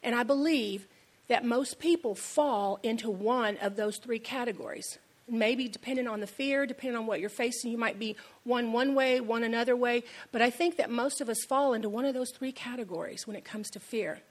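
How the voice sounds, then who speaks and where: A woman's voice: a little high, normal speed. A woman pastor giving a sermon in a conversational, storytelling way, repeating key lines for emphasis.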